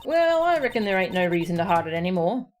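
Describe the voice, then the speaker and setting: A woman's voice: on the low side, very animated, fast talker, soft background music. A woman reading as a folksy, brash young photographer. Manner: folksy, drawling country talk.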